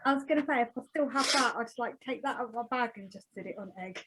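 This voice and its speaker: A woman's voice: fairly high pitch, fast, background noise. A woman playing a tabletop game, chatting playfully with the table. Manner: playful, giggly. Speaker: player. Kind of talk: casual chat at a game table.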